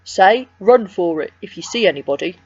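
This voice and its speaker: A blunt, greedy burglar, put on by a woman reading a picture book, drawling his lines slowly and flatly. The pitch still jumps around a lot. The sound is muffled and close, with no room echo. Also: slightly rough. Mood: gruff. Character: gruff cockney male burglar, blunt and greedy.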